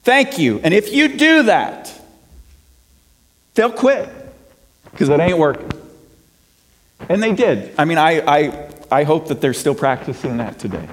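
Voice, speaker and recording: A middle-aged pastor preaching in a relaxed, talky way, his fairly high voice carrying long reverb around a big church hall. He shifts from hushed, earnest passages to emphatic exhortation and often restarts mid-phrase. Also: a little slow, pauses often. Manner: conversational preaching with frequent restarts and swings between soft and emphatic. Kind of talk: sermon.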